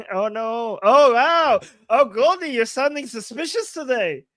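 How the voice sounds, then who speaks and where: Here the co-host of a live political stream has a very high, expressive, fairly bright voice and keeps a measured pace. His commentary is sarcastic and theatrically mocking, punctuated by lots of laughing, captured in clean studio sound without echo.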